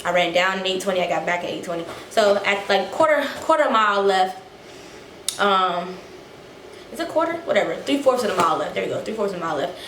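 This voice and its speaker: A woman's voice: medium pitch, brisk. Young woman, casual storytime vlog, winded, echoey room, faint background hiss. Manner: animated, acts out quotes, swears freely. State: out of breath. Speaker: vlogger.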